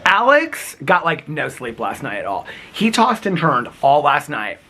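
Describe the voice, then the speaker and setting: A man's voice: on the high side, wildly swooping pitch, measured pace, bright, forceful tone, slight background noise. A man chatting playfully in his daily vlog while sitting outdoors in the snow, with sing-song greetings and frequent laughs. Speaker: vlogger. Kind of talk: casual daily vlog chat.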